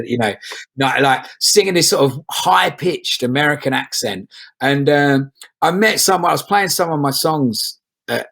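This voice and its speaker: Gravelly, husky man chatting. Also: on the high side, fairly bright tone. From England. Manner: rambling, swears casually, many restarts. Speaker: folk singer guest. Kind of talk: casual interview chat.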